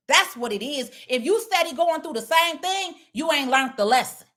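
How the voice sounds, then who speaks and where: A woman's voice: high voice, lively intonation, moderate pace, sharp tone. A woman speaking blunt, preachy casual talk, lecturing her viewers. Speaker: online commentator. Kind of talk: casual direct-to-camera talk.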